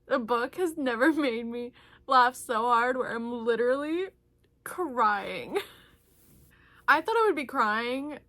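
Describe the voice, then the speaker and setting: A young woman with a fairly high voice talks casually about a book, giggling and gushing as she goes. She records herself on her phone. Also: expressive, takes it slowly, long pauses, sharp tone. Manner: giggly, gushing, laughs often. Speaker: book vlogger. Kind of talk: casual reading vlog chat.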